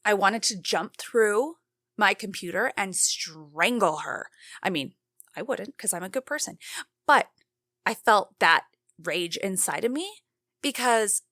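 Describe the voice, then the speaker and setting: A woman's voice: mid-range voice, animated, measured pace, pushed and bright, dry recording. Fuming woman ranting, dry sound. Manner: angry, heated, swearing rant. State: shaky breath from anger. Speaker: podcast co-host. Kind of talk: casual true-crime chat.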